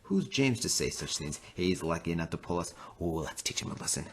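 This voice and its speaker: A man's voice: low voice, big pitch swings, a little fast, slight background noise. A man voicing a gang of scheming, jeering freight trucks in a toy train story. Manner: chattering, jeering.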